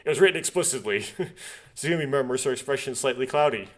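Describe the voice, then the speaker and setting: A man's voice: mid-range voice, lively intonation, fast talker. A young man reading a visual novel's text aloud and breaking off into rambling, nitpicking asides. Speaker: let's play host.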